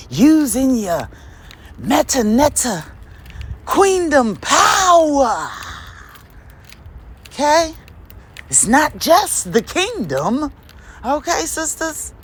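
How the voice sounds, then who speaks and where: A podcast host, she preaches with emphasis in a monologue that keeps throwing out rhetorical questions and laughing, her pitch swinging dramatically high and low. A little hiss or hum can be heard.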